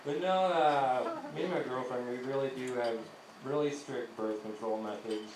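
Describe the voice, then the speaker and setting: A young man works through a crude, rambling stand-up set on a comedy club stage. The sound is roomy and echoey, picked up from some distance, with steady club noise around him. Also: mid-range voice, moderate pace. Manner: crude, rambling delivery with acted-out voices. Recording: echoey club heard from afar.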